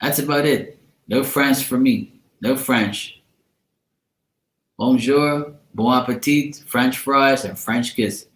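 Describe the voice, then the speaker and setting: A man's voice: medium pitch, takes it slowly, a bit bright, reverberant. A man from Bermuda with a Bermudian accent, rambling in slangy, profane casual chat as he hosts a livestream. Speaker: livestream host.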